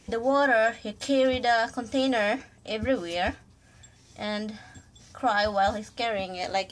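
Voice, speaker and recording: A woman's voice: on the high side, fairly even intonation, a little slow. A woman from the Philippines, chatting casually in a rambling, self-correcting way as she vlogs at home. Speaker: vlogger. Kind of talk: casual chat. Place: at home, indoors.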